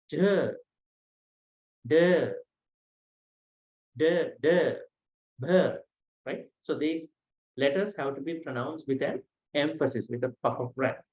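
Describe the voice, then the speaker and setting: A man teaching a language lesson online, saying each sound slowly and patiently, with frequent pauses. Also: medium pitch. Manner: slow, patient, pronounces sounds one by one with many "uh" pauses. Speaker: Pali teacher. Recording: dull lo-fi audio.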